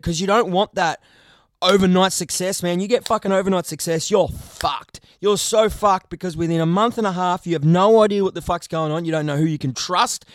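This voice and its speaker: A young man chatting casually as a podcast co-host, rambling, animated and swearing a lot. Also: high-pitched, no echo, studio quality. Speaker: podcast co-host, video creator. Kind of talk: casual chat.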